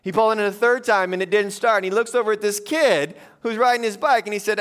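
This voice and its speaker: A man's voice: sits high, quick pace, hardly any pauses, fairly bright tone, clean tone. A man preaching a conversational sermon, telling funny stories to his congregation. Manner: conversational, joking storyteller. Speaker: pastor.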